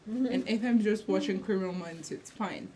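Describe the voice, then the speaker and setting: A woman's voice: medium pitch, moderate pace, dark tone, a little hiss or hum. Chatty woman co-host. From Italy. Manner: chatty, with frequent fillers and self-corrections. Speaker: podcast co-host. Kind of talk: casual chat.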